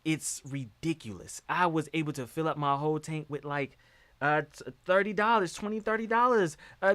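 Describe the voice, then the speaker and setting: A man hosting a live-stream show, talking in an animated, emphatic way with many restarts and fillers. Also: a little high, moderate pace, no echo, studio quality. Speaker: show host. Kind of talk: casual live-stream commentary.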